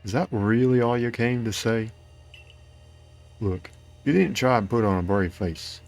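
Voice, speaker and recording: A man's voice: mid-range voice, a little slow, a little mellow, close to an everyday voice. A man voicing an earnest, grateful male clan member from a video game, reading the lines in a put-on drawl that slides between cowboy and Australian. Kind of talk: reading game dialogue aloud.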